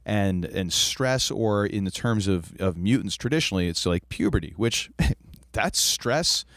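A man co-hosting a casual podcast chat about a TV episode. He speaks in an animated way, often jumping up high in pitch. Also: measured pace, no room sound. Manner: animated, jumps up high for quoted lines. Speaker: podcast co-host.

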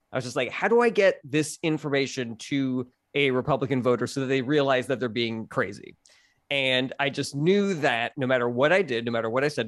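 A man on a podcast, chatting casually and telling stories in an animated way, jumping into quick voices. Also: mid-range voice, no room sound, clean studio sound. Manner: animated storyteller, acts out quick voices in his anecdotes. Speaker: podcast guest, comedian. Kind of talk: casual chat.

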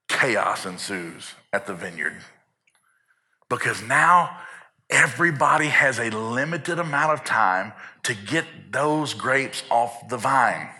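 A man's voice: mid-range voice, pushed and bright. A man preaching a sermon in an earnest tone, building urgency and repeating words when he gets fired up.

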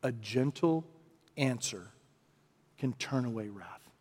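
A man's voice: medium pitch, lively intonation, slow pace. A male pastor preaching a sermon in a conversational style that builds into emphatic, repeated phrases. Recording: long reverb from a large hall.

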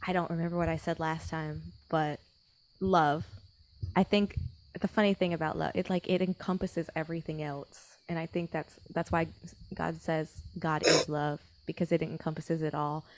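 A woman's voice: low voice, flat delivery, moderate pace. A woman talking earnestly as a podcast guest in a casual faith conversation, with frequent filler words.

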